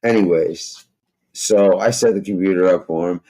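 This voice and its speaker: A man's voice: deep voice, moderate pace, dark tone, rough recording. A man telling a rambling, profane story in casual chat, full of fillers like "you know" and "like".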